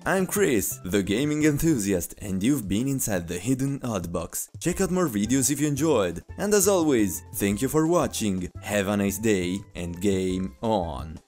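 A man's voice: mid-range voice, very animated, normal speed, few pauses, a little mellow, soft background music. A man from Italy with an Italian accent, a native Italian speaker, hosting a gaming channel with scripted, wry narration. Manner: wry, enthusiastic sign-off.

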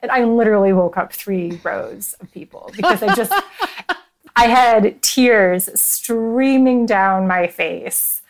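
Woman podcast guest, mid-pitched, chatty, giggly storyteller. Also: slow pace. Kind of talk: casual chat.

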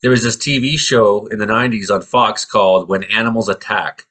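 A middle-aged man from Canada, co-hosting a casual chat and telling stories in an animated way with acted-out voices. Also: fairly low pitch, a little fast. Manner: animated storyteller, acts out voices. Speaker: co-host.

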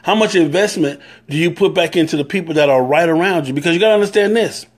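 A man with a Southern US accent speaks straight to his stream viewers, working his point over and over in a plain, earnest way. His voice sits a little higher than most men's. He keeps breaking off to greet people by name. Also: fast talker, husky. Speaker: motorcycle club leader. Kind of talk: live-stream talk to viewers.

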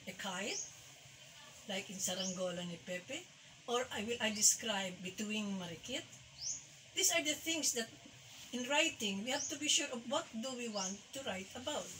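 Bright-voiced woman music teacher. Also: a little high. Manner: halting, full of filler sounds, sounds out names by syllables. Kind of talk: recorded music lesson. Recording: distant mic with faint background hiss.

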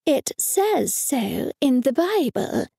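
A woman narrator voicing a shrill, indignant churchgoing mother scolding her grown daughter. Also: animated, a little slow, gravelly, darkish tone, no echo, studio quality, exaggerated voice.

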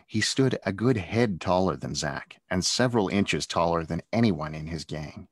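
A man with a deep, low voice reads his own adventure story aloud, steady and expressive. The sound is dry and close, with no room echo. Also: normal speed, breathy edge. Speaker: author reading his own book. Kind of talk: storybook read-aloud narration.

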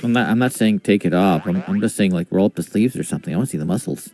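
A man's voice: low-pitched, very fast, soft background music. A man giving casual, playful commentary while streaming a video game. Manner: playful, joking asides.

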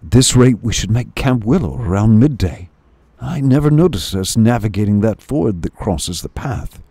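A man voicing a calm, earnest male mouse warrior in a storybook reading. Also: on the low side, normal speed, breathy edge, no room sound.

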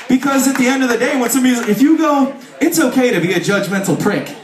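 A man from the area, giving a loud, profane comic talk to a festival crowd from a stage, swearing and putting on mock voices. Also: extremely high pitch, lively intonation, fast talker, hardly any pauses. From Chicago area. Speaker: author speaking at a music festival. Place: festival stage at a bar venue. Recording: echoey live venue, mic heard from a distance.

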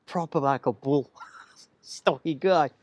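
A man, telling stories as a podcast guest, animated and laughing as he acts out other voices. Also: a little high, takes it slowly, no room sound. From England. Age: 40s. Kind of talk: casual storytelling chat.

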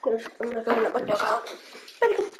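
Over loud game music in a very noisy recording, a woman hosts her gaming channel, rambling to herself in a fairly quick, sing-song, higher voice. Every so often she slips into whispers during her play-along commentary.

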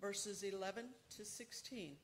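A woman worship leader reading a scripture passage aloud in a slow, measured way. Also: mid-range voice, a little hiss or hum. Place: church sanctuary.

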